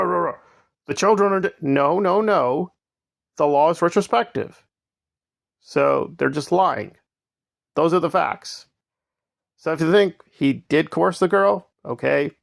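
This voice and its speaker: A man's voice: a little high, creaky, dry recording, studio quality. A man giving opinionated, sarcastic commentary, emphatic and repetitive as he makes his points. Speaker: commentary vlogger. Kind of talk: opinionated commentary on online drama.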